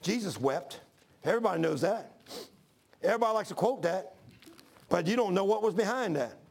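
A man's voice: high-pitched, animated, fairly quick, gravelly. A man in his sixties preaching a folksy, repetitive sermon to his church. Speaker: pastor.

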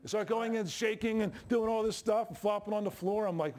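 A man's voice: sits high, fairly quick, darkish tone. A man preaching a sermon in a church, folksy and joking, with plain colloquial grammar. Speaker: pastor. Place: church sanctuary. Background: congregation responses.

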